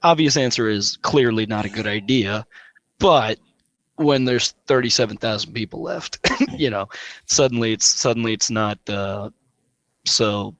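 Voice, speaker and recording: A man talking as a guest on a casual panel, animated and quick to interrupt himself. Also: on the low side, no room sound. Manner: animated, self-interrupting, laughing asides.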